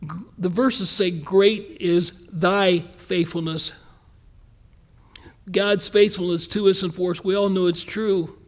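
Pastor, man, high voice, folksy earnest sermon, slows for emphasis. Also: steady tone. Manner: folksy, earnest preaching with quick asides and slow emphatic stresses.

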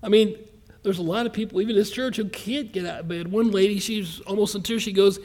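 High pitched guy preaching, folksy and earnest, slows down to hit the big lines. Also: darkish tone. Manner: folksy, earnest preaching with quick asides and slow emphatic stresses. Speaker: pastor. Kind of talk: sermon.

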